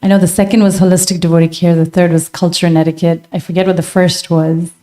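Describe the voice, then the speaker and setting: A woman's voice: lowish voice, little pitch movement, quick pace, dark tone. A woman in the audience asking a long, earnest question, rambling with many fillers.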